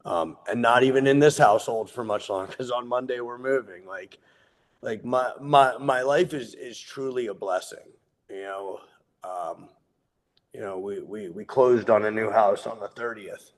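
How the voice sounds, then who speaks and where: A man in his thirties giving a sobriety meeting share, earnest and heartfelt, candid and quick to swear. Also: medium pitch. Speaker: guest speaker sharing his recovery story.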